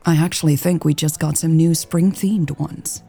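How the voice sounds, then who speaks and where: A woman's voice: low voice, fairly even intonation, moderate pace, creaky, warm tone. A woman voicing a kind young shop clerk who speaks in a polite, honeyed service tone.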